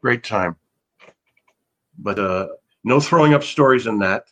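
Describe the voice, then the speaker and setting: A man's voice: mid-range voice, lively intonation, measured pace, fairly bright tone. Rambling older man telling stories. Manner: rambling, restarts often, laughs. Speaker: actor guest. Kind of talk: casual interview chat.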